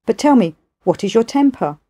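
A woman's voice: fairly high pitch, expressive, normal speed, mellow, highs cut off, voice pushed up. A woman voicing a stern old male immortal master who questions a new pupil. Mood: questioning.

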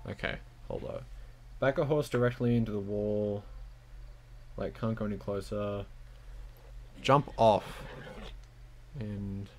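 A man's voice: lowish voice, fairly even intonation, takes it slowly, long pauses, darkish tone, faint music behind. A young man giving giggly, self-mocking live-stream commentary as he plays a game, talking to the screen.

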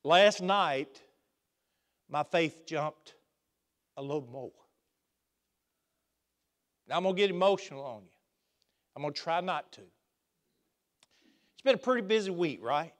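Man, pastor preaching, emphatic, loud bursts and soft asides, slightly high voice, church sanctuary. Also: animated, measured pace, long pauses. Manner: emphatic preaching that swings between loud outbursts and quiet asides. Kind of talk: sermon.

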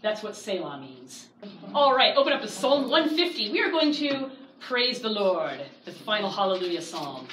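A woman in her thirties teaching a Bible study class, lively and acting out the voices she quotes. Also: mid-range voice, moderate pace, over a noisy crowd. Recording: echoey room, distant mic, faint hiss.

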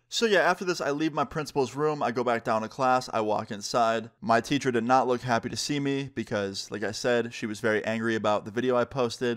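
A man YouTuber telling a storytime vlog with lively, acted-out dialogue. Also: medium pitch.

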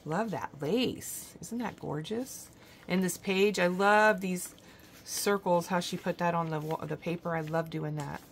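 A woman's voice: fairly low pitch, measured pace, slight background noise. A woman hosting a craft vlog, gushing with admiration as she shows off handmade gifts indoors. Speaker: craft channel host. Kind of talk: show-and-tell unboxing vlog.

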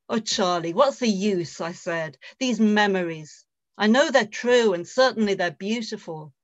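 A woman's voice: medium pitch, dry recording. A woman reading her poems and acting out old local dialect at a fishing-poetry gathering. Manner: slow lilting recital in broad dialect. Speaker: poet reading at a festival. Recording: dull muffled sound, dry.

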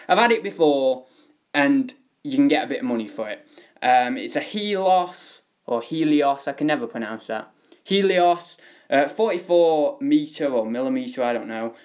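A man's voice: on the high side, a little mellow. A young man chatting casually on a home live stream, rambling with many fillers.

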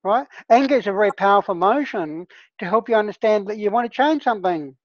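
A woman's voice: mid-range voice, expressive, fast talker, no echo. Earnest woman healer on a dull call. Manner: earnest, conversational, often checks in with "right?". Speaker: plant medicine healer leading a discussion group. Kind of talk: casual teaching talk to an online group.

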